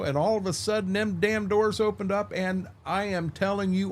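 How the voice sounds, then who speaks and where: A man's voice: high voice, normal speed. An older American man streaming a game and telling salty army stories in a casual, profane way. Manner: profane, animated war-story telling.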